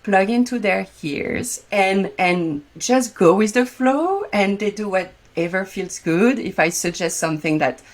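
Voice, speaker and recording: A woman's voice: medium pitch, a little slow, hardly any pauses. French-accented woman, chatty intimacy coach. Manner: frequent fillers, loose phrasing. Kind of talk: casual conversational interview.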